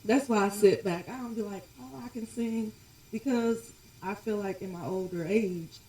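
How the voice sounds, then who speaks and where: A woman's voice: medium pitch, moderate pace, a little mellow. A woman in her forties co-hosting a casual chat, teasing and playful, laughing often. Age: 40s. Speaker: podcast co-host. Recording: echoey room, distant mic, faint noise.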